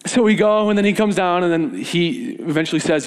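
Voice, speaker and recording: A young man, a youth pastor, preaching and telling stories with lively energy. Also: a little high, brisk, few pauses. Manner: energetic, animated storytelling with laughs. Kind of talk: sermon with storytelling.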